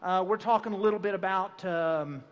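A middle-aged man leads a folksy church family class, chatty and full of restarts. His voice sits high. It rings through a big hall with long reverb. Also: normal speed, highs cut off. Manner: chatty, rambling with many fillers and restarts. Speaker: family seminar speaker. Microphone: handheld or stand microphone.

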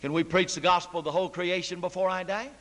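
A man's voice: high voice, steady tone, fast, fairly bright tone. A man preaching a sermon in a church, emphatic and full of rhetorical questions to the congregation. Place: church sanctuary. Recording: long church reverb.

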